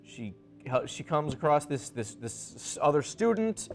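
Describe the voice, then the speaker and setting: A man's voice: fairly high pitch, sing-song, a little slow, creaky, soft background music. A man co-hosting a casual review chat, chatty and playing out characters' lines while recapping. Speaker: podcast co-host.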